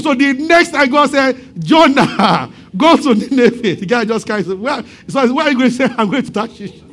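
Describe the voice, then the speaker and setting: Pastor, really high voice, tells the story animated, does little voices and laughs a lot. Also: male voice. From Nigeria. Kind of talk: sermon.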